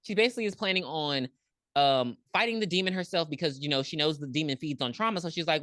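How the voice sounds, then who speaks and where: A woman's voice: deep voice, animated, fast, fairly bright tone, no room sound, clean studio sound. A woman co-hosting a podcast, retelling a horror film in a blunt, joking, slangy way. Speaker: podcast co-host. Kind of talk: casual chat recapping a horror film.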